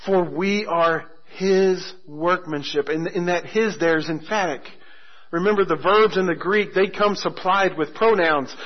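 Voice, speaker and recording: A man with a slightly raised pitch delivers a pastor's sermon, mixing stories and jokes with stretched-out, emphatic phrases. The recording sounds muffled and lo-fi. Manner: storytelling with humor and emphatic slowing on key phrases.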